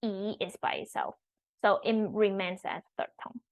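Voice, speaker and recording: A woman who teaches online, explaining tones slowly and carefully and repeating each example word. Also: medium pitch, fairly even intonation, rough recording. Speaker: Mandarin teacher. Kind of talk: online language lesson.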